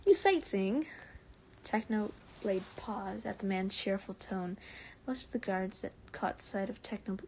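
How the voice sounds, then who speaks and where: On a live stream, a woman reads fan fiction aloud, often softly and breathily, stumbling, correcting herself, and chatting with viewers between passages. Her medium-pitched voice is flat and unhurried, with slight background noise.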